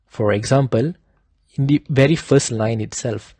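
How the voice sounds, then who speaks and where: A man teaching the pitch accents of a devotional chant, explaining slowly and patiently and chanting drawn-out higher examples. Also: mellow, slightly rough, no echo.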